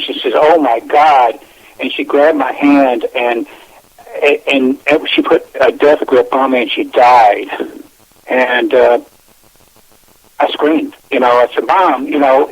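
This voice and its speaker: A man on a radio show, telling a long personal story in a meandering way, often repeating himself and restarting his sentences. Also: medium pitch. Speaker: guest telling his experiences. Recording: dull lo-fi phone line.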